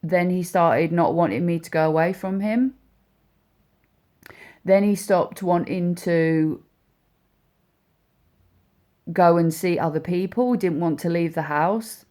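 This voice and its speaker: A woman speaking as a mother, telling a personal story in a heartfelt, halting way with many repeats and restarts. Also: on the low side, dark tone. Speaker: mother speaking about her son.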